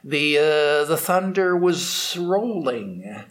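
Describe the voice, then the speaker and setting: A man telling a story aloud, unscripted, with restarts and slowed dramatic pacing. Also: a little high, sing-song, fairly bright tone. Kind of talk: oral storytelling.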